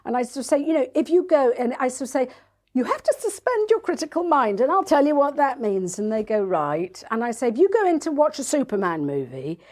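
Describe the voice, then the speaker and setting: A woman, a parenting coach, chatting in an interview and telling lively stories, acting out other people's voices. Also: on the high side, a little fast, hardly any pauses. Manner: animated storytelling, acts out quoted voices. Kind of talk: casual interview chat.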